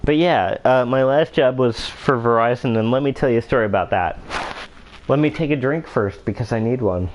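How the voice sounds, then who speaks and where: A young man rambles through a story while playing a game, full of fillers and asides. He talks in the polite, even manner of a customer support rep, at a middling pitch, with faint background noise. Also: normal speed, rough recording. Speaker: let's player. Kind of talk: casual gameplay commentary.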